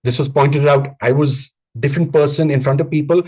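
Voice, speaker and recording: A man giving a live online coaching talk on vocal presence, speaking emphatically with repeated phrases and deliberate pauses. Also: fairly high pitch, fairly even intonation, warm tone. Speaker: communications coach. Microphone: video call.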